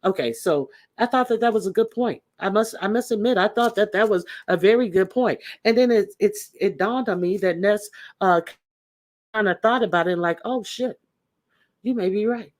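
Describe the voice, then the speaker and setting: A host gives casual commentary on online drama in a middle-pitched voice at a moderate pace. The talk rambles and grows confrontational, full of fillers and restarts.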